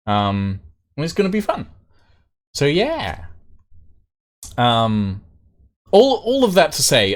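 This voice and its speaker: A man chatting casually on a live stream, rambling with lots of fillers and restarts. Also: mid-range voice.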